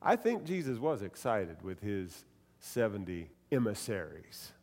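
A pastor preaching a sermon to a congregation, animated, voicing quoted lines with shifts in pitch and loudness. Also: male voice, measured pace, big-room sound.

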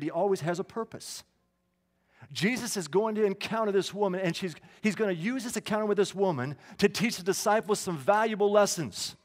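A high-voiced male pastor delivers a sermon in a reverberant hall, preaching in a conversational manner full of asides and restarts.

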